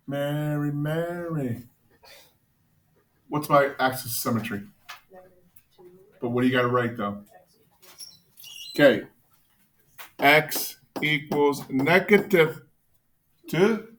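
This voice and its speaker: A man teaching a math class, joking with students and quizzing them with quick questions. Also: fairly high pitch, a bit bright, slight background noise.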